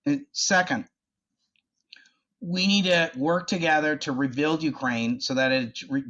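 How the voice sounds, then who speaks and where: A man's voice: medium pitch, a bit bright. Emphatic man on dull lo-fi audio. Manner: emphatic, conversational, acts out quoted voices. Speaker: think-tank guest. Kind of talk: animated policy interview.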